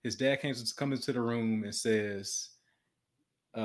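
A man's voice: medium pitch, a little slow, pauses often. A young man telling a story in casual talk, earnest and often restarting and repeating words, and he says he has a stutter. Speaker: podcast guest.

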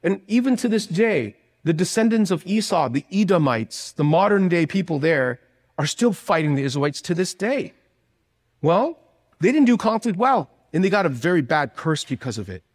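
A man teaching a church workshop, preaching with animated, jokey asides. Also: high-pitched, moderate pace, in a large hall. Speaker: workshop speaker.

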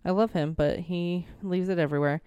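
Smooth-voiced young woman in casual chat. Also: fairly low pitch, fairly even intonation, brisk, dark tone, no echo. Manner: rambling, playful, with many fillers. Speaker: podcast co-host. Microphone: desk microphone.

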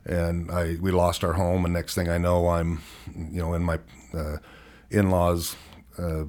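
A middle-aged man with a deep, low, somewhat monotone and mellow voice tells a hard personal story frankly as an interview guest. He often pauses and restarts, chuckling wryly through the difficult memories.

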